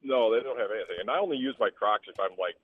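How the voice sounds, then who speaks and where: A man's voice: lowish voice, racing, breathy edge. A man calling in to a radio show, talking plainly and matter-of-factly. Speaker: caller. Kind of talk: call-in chat. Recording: dull lo-fi call line.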